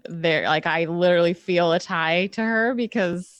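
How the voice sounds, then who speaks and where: A woman's voice: on the low side, moderate pace, no room sound, dull audio. A woman playing a tabletop game who talks in an offhand, casual way. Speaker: player.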